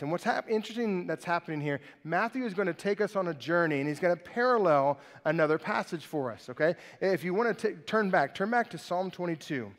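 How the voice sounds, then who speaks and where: A man's voice: on the high side, expressive, fairly quick. A male pastor preaching a sermon, reading scripture aloud and acting out the mockers in a raised voice. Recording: long hall reverb.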